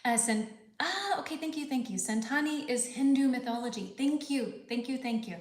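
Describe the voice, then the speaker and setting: A woman's voice: high voice, expressive, moderate pace, roomy sound. A middle-aged woman hosting a live English lesson, chatting casually, thinking aloud and reading viewer comments. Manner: chatty, thinking aloud, frequent fillers and laughs.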